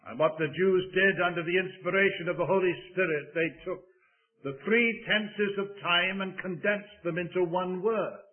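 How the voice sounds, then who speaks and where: A man preaching a sermon slowly and deliberately, with sing-song rises and hushed drops on key words. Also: high-pitched. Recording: tinny phone-like old recording.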